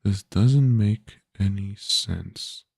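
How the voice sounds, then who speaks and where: A man's voice: fairly low pitch, drawn-out words, vocal fry, darkish tone, slightly rough, no echo, clean studio sound. A man, a game developer, thinking aloud casually while coding, hesitant with many filler sounds.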